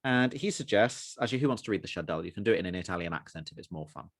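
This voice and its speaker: A man's voice: sits low, lively intonation, racing, no room sound, studio quality. A man leading a religious study session, explaining texts at length and putting questions to the group. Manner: explanatory, asks the group questions, many fillers. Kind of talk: teaching a group discussion.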